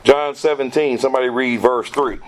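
A man's voice: medium pitch, steady tone, fairly quick, noisy background. A man leading a Bible study, explaining scripture, quoting verses and putting questions to the group.

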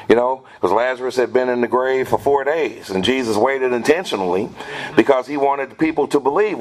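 A man's voice: mid-range voice, rough recording. A man leading a Bible study, explaining scripture, quoting verses and putting questions to the group.

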